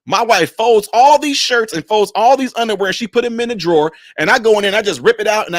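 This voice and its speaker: A man hosts his own vlog from a basement man cave. He speaks a little above the usual male pitch and tells stories in an animated, chatty way. The room sounds dry with the mic close. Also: fast, few pauses, dry recording. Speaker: vlogger, channel host. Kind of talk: casual vlog talk to viewers.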